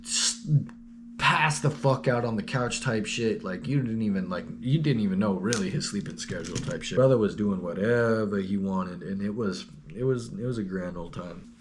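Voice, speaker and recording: A man's voice: lowish voice, background noise. Slangy, profane young man telling a story. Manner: slangy, profane, rambling, laid-back. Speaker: vlogger. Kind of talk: casual storytelling.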